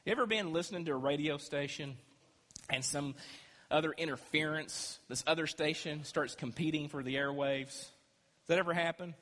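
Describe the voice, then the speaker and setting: A man preaching a sermon as pastor, emphatic and swinging between loud and quiet. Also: on the high side, moderate pace. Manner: emphatic preaching, rising and dropping loudness. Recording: echoey hall with long reverb.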